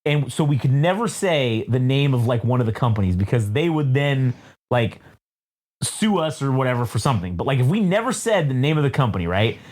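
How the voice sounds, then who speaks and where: A man's voice: mid-range voice, very animated, brisk, darkish tone. A man co-hosting a podcast, telling a rambling, profane comic story and acting out the people in it. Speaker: podcast co-host. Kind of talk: casual comedic chat.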